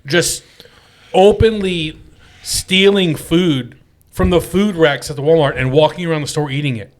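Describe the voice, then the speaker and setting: A man co-hosting a podcast in casual chat, joking often and breaking into shouted bits. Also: on the high side, a little slow. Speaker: podcast co-host.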